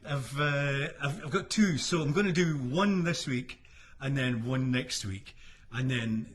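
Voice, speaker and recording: Chuckling Scottish man, slow talk. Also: medium pitch, slight background noise. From Scotland. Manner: rambling, chuckling often, trails off with ums. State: hay fever. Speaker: singer and musician hosting a livestream. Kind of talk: casual chat between songs. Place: at home in Florida.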